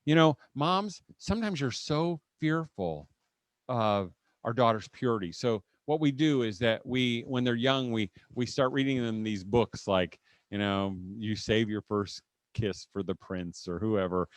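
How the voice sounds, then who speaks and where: Middle-aged man, seminar speaker with a mid-range voice and a dry, close sound. He is an animated storyteller who keeps restarting mid-sentence. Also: mid-range voice, measured pace, no room sound. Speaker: homeschool conference speaker. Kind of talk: live seminar talk with humor, closing in prayer. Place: live session before an audience.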